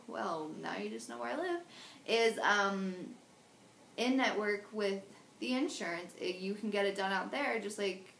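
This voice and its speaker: A woman's voice: medium pitch, gravelly, fairly bright tone, reverberant, slight background noise, poor audio. A woman in her twenties telling her own story in a personal video diary, candid and emotional, rambling with many restarts. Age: 20s. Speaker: patient sharing her surgery story.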